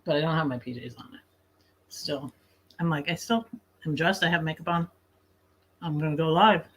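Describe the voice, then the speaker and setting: There's a little hiss or hum behind this woman's low voice as she speaks at a normal speed. She hosts a laid-back late-night livestream from her bed. Talkative and quick to laugh, she snacks while chatting.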